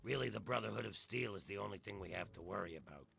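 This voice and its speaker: A man voicing a world-weary ghoul townsman in a video game, with a rough, drawling folksy voice. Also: lowish voice, expressive, quick pace, a bit bright, full character voice. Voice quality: gravelly, rough voice.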